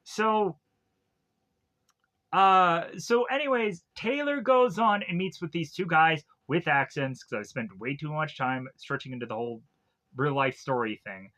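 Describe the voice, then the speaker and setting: A man's voice: fairly high pitch, animated, measured pace, bright, forceful tone. A man, a streamer, rambling casually through a film recap and personal stories, full of fillers and asides.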